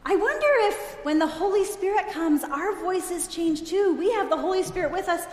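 A woman giving an animated, playful children's sermon in church, laughing often as she talks with the kids. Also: very high-pitched, moderate pace, hardly any pauses. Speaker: children's message leader at church. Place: church sanctuary. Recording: echoey church hall with long reverb.

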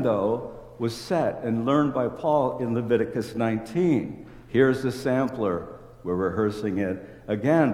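A man's voice: fairly low pitch, darkish tone. Man preaching in an echoey church. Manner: measured, emphatic reading of scripture. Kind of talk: sermon. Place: church sanctuary. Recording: echoey hall, long reverb.

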